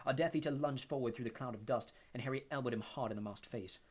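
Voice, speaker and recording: A man's voice: mid-range voice, fast talker, darkish tone. Man narrating an audiobook.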